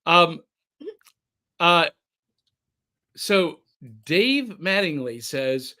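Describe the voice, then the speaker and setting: A man's voice: a little high, animated, very slow, sharp tone. A man hosting a podcast, chatting casually and reading listener comments aloud in a jokey way over a remote call. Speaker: podcast host.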